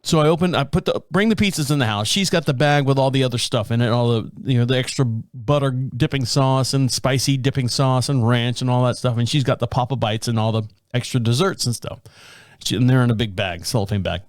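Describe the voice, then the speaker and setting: A man's voice: medium pitch, fairly quick, no echo. Middle-aged male podcast host, exasperated rambler, swears freely, dry close studio sound. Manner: rambling, exasperated storytelling with profanity. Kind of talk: casual solo rant. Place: home studio.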